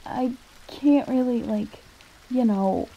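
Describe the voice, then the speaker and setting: A woman's voice: on the high side, slow pace, lo-fi sound. A woman playing a timid stammering catgirl, whispered role-play. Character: shy dandere catgirl reading to a listener. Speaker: ASMR roleplayer.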